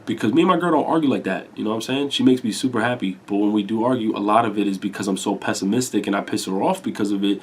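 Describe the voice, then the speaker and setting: Congested young man, low energy. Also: rapid-fire, few pauses. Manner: rambling, confessional, swears casually. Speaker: YouTuber talking to camera. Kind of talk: candid personal talk.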